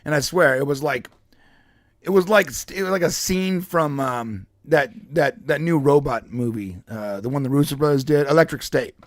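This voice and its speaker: A man with a fairly high voice recounts a story in a loose, rambling way, stumbling over restarts and breaking into laughs. The sound is dry and close, with no room around it. It is casual podcast chat among co-hosts. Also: normal speed, no room sound. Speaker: podcast co-host.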